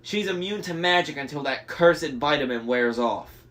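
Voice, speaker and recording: A man's voice: a little high, animated, moderate pace, fairly bright tone. A man reading aloud voices a vain, haughty sorceress woman in a theatrical, mocking way.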